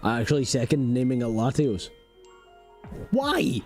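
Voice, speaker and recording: Playful, lively-voiced male streamer. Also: mid-range voice, fairly quick, soft background music. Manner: playful, chatty, talks to viewers, drifts into silly voices. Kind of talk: casual live-stream chat. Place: home streaming setup in rural Scotland.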